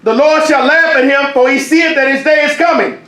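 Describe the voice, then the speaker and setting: A man's voice: extremely high pitch, fairly quick, sharp tone, a little hiss or hum. A man reading Bible verses aloud during a church study. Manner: reads verses aloud, answers with short affirmations. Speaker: scripture reader. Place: church sanctuary. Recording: echoey church room.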